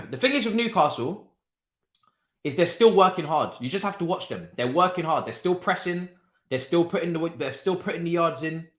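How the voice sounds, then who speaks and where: A man's voice: fairly high pitch, moderate pace. Young man in an echoey room. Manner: animated, repetitive, laughing, slangy. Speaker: watchalong host. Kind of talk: casual live football watchalong commentary. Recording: roomy echo.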